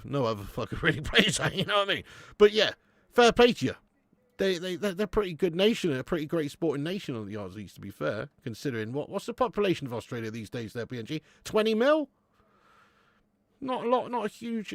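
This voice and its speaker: A young man hosting a live football watch-along, chatting with viewers, laughing often and swearing freely when excited. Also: a little high, dry recording. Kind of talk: live match commentary and chat with viewers.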